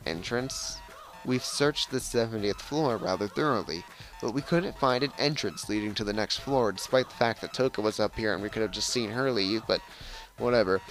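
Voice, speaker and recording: A man's voice: fairly low pitch, normal speed, faint music behind, rough recording. A man hosting a let's play, reading game text aloud and adding sarcastic asides. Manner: lively, switches between reading and sarcastic asides.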